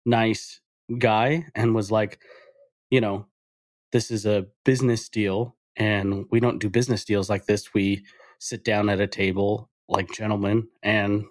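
A man co-hosting a casual podcast, telling a story with animated quoted voices. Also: fairly low pitch, unhurried, dry recording, clean studio sound. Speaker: podcast co-host.

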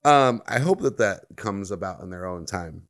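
Deep-voiced easygoing American podcast man. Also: expressive, normal speed. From United States. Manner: easygoing, rambling with fillers and restarts. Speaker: podcast co-host. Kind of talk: casual podcast chat.

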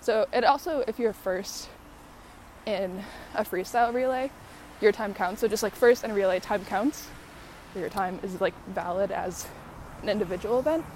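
A woman's voice: mid-range voice, moderate pace, a little mellow, slight background noise. A woman hosting a podcast in casual rambling chat, out of breath from walking uphill, with many fillers. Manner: many fillers, laughs often while talking. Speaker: podcast host.

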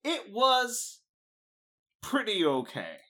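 A man's voice: high-pitched, wildly swooping pitch, very slow, pushed and bright. A young man co-hosting a podcast, swearing a lot and sounding sarcastic and exasperated in casual banter. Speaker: podcast co-host.

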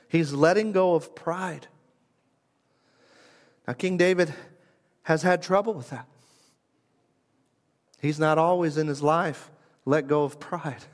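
A man preaching a sermon with emphasis, building through repeated phrases and pausing on purpose. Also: a little high. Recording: long hall reverb.

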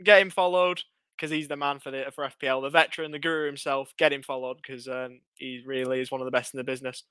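Smooth, bright-voiced male co-host. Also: mid-range voice, flat delivery, fast, dry recording. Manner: bantering, calls people mate. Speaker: podcast co-host. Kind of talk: casual fantasy football chat.

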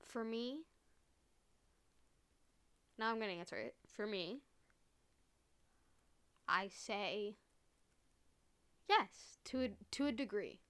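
A woman's voice: medium pitch, lively intonation, takes it slowly, pauses often, fairly bright tone, clear, resonant tone. A young woman talks through her feelings on a casual solo podcast, circling her point with endless "like" fillers, restarts and casual swearing. At times she sounds choked up, close to tears, then laughs it off. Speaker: podcast host.

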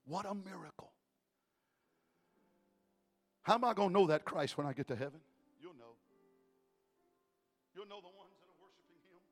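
A male evangelist preaching in a church, telling a story emphatically and rising to shouts. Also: high voice, expressive, a little fast, soft background music. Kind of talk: storytelling sermon.

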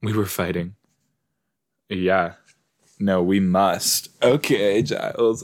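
A man's voice: low voice, steady tone, takes it slowly. A man hosting a podcast, chatting casually and talking back at the screen as he watches an episode. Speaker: podcast host. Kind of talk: casual watch-along commentary.

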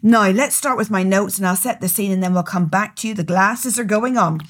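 A woman's voice: medium pitch, a little fast. A woman with a Northern Irish accent, hosting a podcast in casual, laughing chat from a studio. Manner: chatty, laughing, warm teasing banter. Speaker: podcast host. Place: recording studio.

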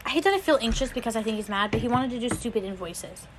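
A woman's voice: fairly high pitch, animated, fast talker, background noise. A woman co-hosting a casual podcast, talking bluntly and dismissively, with lots of swearing. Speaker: podcast co-host. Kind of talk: casual chat.

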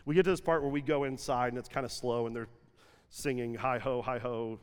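A pastor in his thirties telling a family story in a lively sermon, peppered with "like" and acted-out quotes. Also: medium pitch, fast talker, smooth. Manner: lively anecdotal storytelling with frequent "like", acting out quotes. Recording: long hall reverb from a church stage.

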